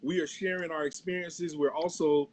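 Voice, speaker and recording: A man hosts a casual talk with a slightly high voice. He affirms his guest often and echoes his points back, encouraging him along. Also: fairly even intonation, moderate pace, a little hiss or hum. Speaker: host. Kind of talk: casual conversation.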